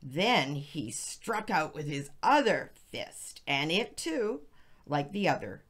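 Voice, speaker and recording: A woman narrating a folk tale slowly for English learners, with expressive reading and soft, hushed passages. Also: deep voice. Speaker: storyteller.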